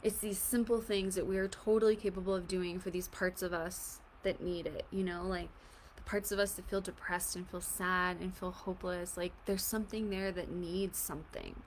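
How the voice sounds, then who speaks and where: A woman coaching an emotional tapping exercise in a gentle, reassuring, casual way, often saying "like". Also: on the low side, steady tone, moderate pace, slight background noise. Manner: casual, fills speech with "like". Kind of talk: guided tapping session.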